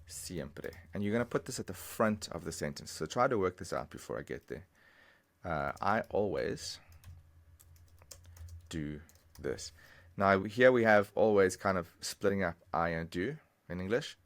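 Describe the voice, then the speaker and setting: A man teaching a language lesson over a screen recording, patiently explaining and repeating phrases slowly, step by step. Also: deep voice, animated, vocal fry.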